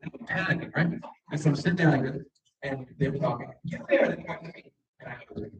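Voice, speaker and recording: A man's voice: medium pitch, steady tone, a little fast, a crowd in the background. A man doing stand-up, telling a story in a rambling, chatty, self-mocking way with lots of fillers, on a small stage before a live audience. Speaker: stand-up comedian. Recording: echoey room, distant mic, dull sound.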